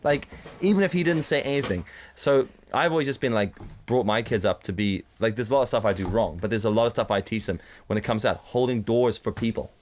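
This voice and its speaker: Male podcast co-host, 30s, from the UK: sweary, animated storyteller in casual chat, medium pitch. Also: fast. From United Kingdom. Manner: sweary, animated storytelling with mocking put-on voices.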